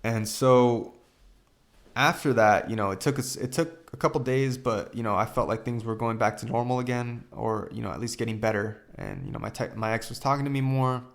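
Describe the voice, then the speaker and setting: A young man hosting a podcast, retelling a painful family story in a halting way, full of fillers and quoted dialogue. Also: medium pitch. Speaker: podcast host. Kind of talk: personal storytelling.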